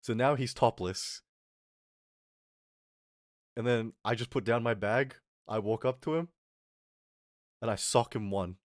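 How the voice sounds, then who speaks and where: A young man telling a story on his stream, swearing a lot and swinging between mutters and yells. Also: mid-range voice, a little slow, pauses often, no echo, studio quality. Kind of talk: casual storytelling rant on a live stream.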